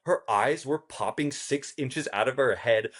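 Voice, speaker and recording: A man who is a podcast guest, telling a story in a casual, animated way, swearing freely and acting out what others said. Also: mid-range voice, measured pace, husky. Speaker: podcast guest, game show contestant.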